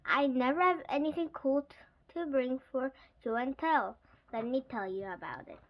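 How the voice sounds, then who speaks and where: A woman's voice: sits high, normal speed, highs cut off, a little hiss or hum. A woman reading a children's chapter book aloud expressively, chatting to young listeners. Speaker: reader.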